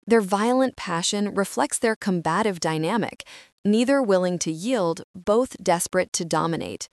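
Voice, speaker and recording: A woman narrates a book summary in a smooth, polished, scripted manner. Her voice sits low, and the recording is dry and close with no room sound. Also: expressive, normal speed, dry recording.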